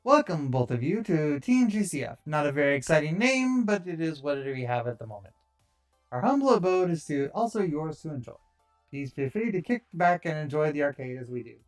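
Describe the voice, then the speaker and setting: A man's voice: a little high, sing-song, fairly quick, recorded from a distance, faint music behind. A man voicing a polite, welcoming female AI assistant app while reading a visual novel aloud.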